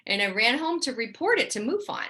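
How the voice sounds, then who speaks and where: This middle-aged actress, originally from New Orleans, is a guest in a relaxed interview, sharing stories from her life. She acts out quoted lines with a raised pitch, staying animated and talkative throughout.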